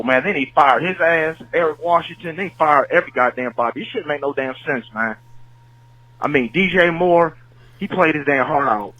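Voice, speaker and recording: Pissed off caller guy, bright edgy voice, swearing nonstop. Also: on the high side, low-quality recording. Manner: angry, profane, keeps saying "man". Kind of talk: phoned-in fan rant.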